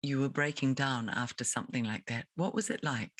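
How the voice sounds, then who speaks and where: A woman's voice: rumbling low, fairly quick, dry recording, low-quality recording. A woman interviewing a guest, speaking in an indignant, emphatic and rhetorical way. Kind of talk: impassioned advocacy interview.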